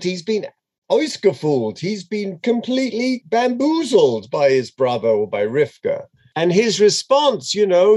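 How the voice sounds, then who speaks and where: Animated man chanting and explaining scripture. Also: high voice. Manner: chants Hebrew verses then translates, dramatic and expressive. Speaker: Torah teacher. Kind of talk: animated text study lesson.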